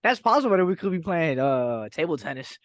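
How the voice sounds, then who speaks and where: Halting man in casual podcast chat. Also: fairly high pitch, sing-song. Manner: halting, searching for words, casual slang. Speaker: podcast guest.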